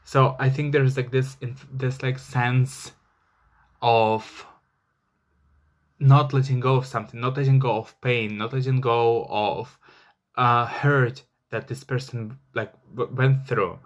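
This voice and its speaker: A man's voice: medium pitch, fairly even intonation, slow. A man giving a casual tarot reading, rambling with many fillers and flaring into angry swearing. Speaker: tarot reader.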